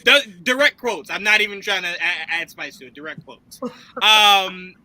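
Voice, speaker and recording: A man with a high, very bright and forceful voice hosts a loose live-stream chat. He is animated, laughs often and swears freely. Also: normal speed, no echo, low-quality recording. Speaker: host.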